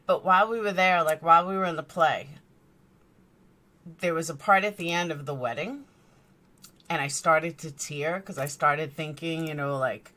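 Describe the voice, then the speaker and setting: A middle-aged woman hosts a casual live stream from her bedroom. She rambles and chats, greeting her viewers by name. Her voice is a bit low and bright. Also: moderate pace, pauses often. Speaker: true crime streamer. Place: bedroom lit by a screen.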